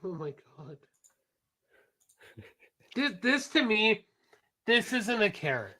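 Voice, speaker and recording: Bright-voiced man ranting bluntly. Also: high-pitched, very animated, slow. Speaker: podcast co-host. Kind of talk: casual podcast chat.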